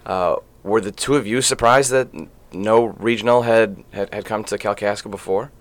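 A man's voice: lowish voice, fairly even intonation, normal speed. A man in his late thirties hosting a casual sports interview in a podcast studio. He rambles a little and fills his sentences with filler sounds. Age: late 30s. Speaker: podcast host.

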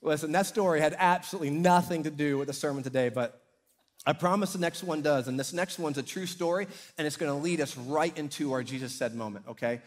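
A middle-aged pastor tells stories from the pulpit in a fairly high, bright-edged man's voice. He acts out his characters with energy and raises his voice at the big moments. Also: fast talker. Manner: animated storyteller, acting out characters and shouting at climaxes. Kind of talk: sermon with storytelling. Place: church hall.

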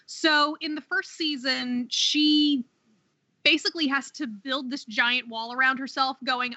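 Woman co-host, enthusiastic, opinionated, very bright high voice. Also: a little slow, no echo. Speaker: podcast co-host. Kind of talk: casual chat about a TV show. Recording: dull lo-fi sound.

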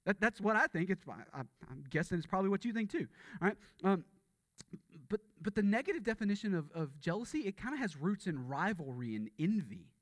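Pastor guy preaching, kinda high voice, chatty, repeats himself a lot, dry close sound. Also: big pitch swings, fairly quick, a bit bright, no echo. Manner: conversational, repeats words, asks rhetorical questions. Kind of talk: sermon.

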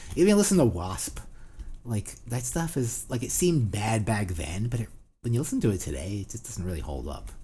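A husky-voiced man in his forties with a New Jersey accent rambles through a casual podcast chat. His pitch swings widely as he rants, and he swears freely. Fillers and restarts pile up in his talk. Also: dark tone. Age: 40s. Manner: rambling, profane, ranting with many fillers. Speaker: podcast co-host. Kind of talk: casual banter.

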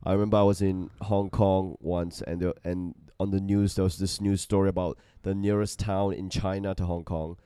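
A young Australian man with a low voice and a stuffed nose hosts a casual podcast chat. He rambles and laughs at himself often, and the recording is close and dry. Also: level tone, normal speed, few pauses, mellow, clear, resonant tone, dry recording. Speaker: podcast host.

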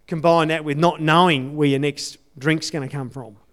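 Man, sermon testimony, earnest and conversational, somewhat high voice, smooth clear tone. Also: steady tone, moderate pace, fairly bright tone. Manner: earnest, conversational, repeats key phrases. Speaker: church speaker sharing testimony.

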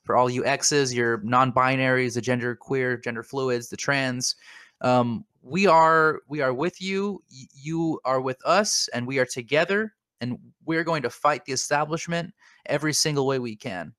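A man's voice: medium pitch, moderate pace, fairly bright tone, dry recording, studio quality. A man co-hosting a comedic podcast, rambling in a mock-earnest way and repeating his words. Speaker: podcast co-host.

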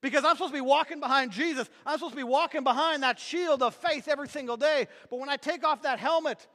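A male preacher with a very high-pitched voice drives each point home with emphatic repetition. His energetic sermon rings through a church hall. A long reverb trails behind his words. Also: fast talker. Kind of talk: sermon with object lesson.

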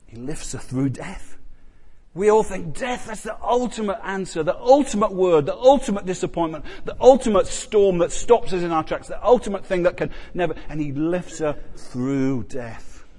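A man preaching a sermon in a conversational way, repeating phrases for emphasis and swinging between loud, intense passages and quiet ones. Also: sits high, lively intonation, normal speed. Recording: long reverb of a large hall.

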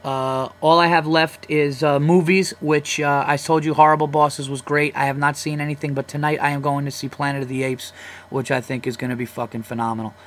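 A man's voice: fairly high pitch, level tone, a little fast, fairly bright tone. A man, hosting a casual solo podcast, ranting bluntly and swearing freely about sports fans. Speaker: podcast host.

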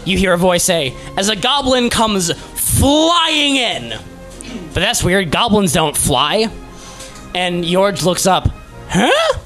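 A man's voice: high-pitched, animated, takes it slowly, sharp tone, soft background music. A man narrating as game master in a dramatic storytelling manner.

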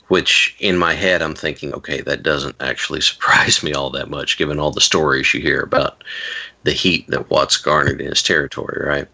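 Very deep gravelly man telling stories. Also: fairly even intonation, normal speed, sharp tone. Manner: rambling, self-interrupting, wry asides. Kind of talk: casual storytelling chat.

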